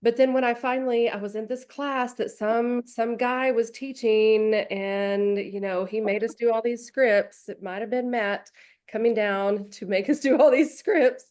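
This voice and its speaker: A woman's voice: fairly high pitch, steady tone, measured pace, a little mellow. A woman co-hosting a real estate coaching podcast, talking in a candid, self-deprecating way. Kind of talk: casual podcast discussion.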